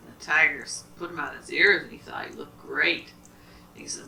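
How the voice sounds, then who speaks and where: Animated storytelling woman, lowish bright voice, echoey home room from a distance. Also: normal speed, creaky. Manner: animated, asks the child questions. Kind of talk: telling a bedtime story to a child. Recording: roomy, from a distance.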